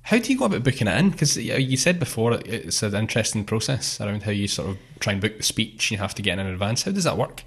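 A man's voice: lowish voice, very animated, fast, few pauses, a bit bright, slightly rough. A man with a Scottish accent, interviewing casually and asking easygoing questions. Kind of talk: conversational interview.

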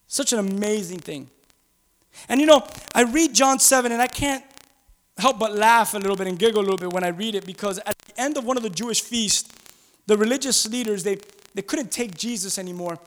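A man preaching a conversational sermon, animated, with rhetorical questions and acted-out quoted voices. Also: high-pitched, brisk. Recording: long reverb of a large hall.

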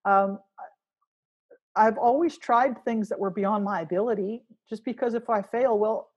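A woman's voice: mid-range voice, moderate pace, a little mellow, slightly rough, lo-fi sound. A woman musician talking casually in an interview, rambling with restarts as she thinks aloud. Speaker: musician guest.

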